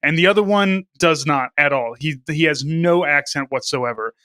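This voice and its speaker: A man from St. Louis talks in a bright, crisp, somewhat high voice. His casual podcast chat is wry and conversational. The sound is dry and close-miked. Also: moderate pace, no echo. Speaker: podcast co-host.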